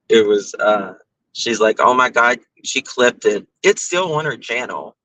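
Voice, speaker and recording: A man runs a casual livestream, telling stories and thanking his viewers by name. His voice is bright and forward, and he speaks slowly. The sound is dry and close, with no room echo. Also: mid-range voice, lively intonation. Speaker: livestream host.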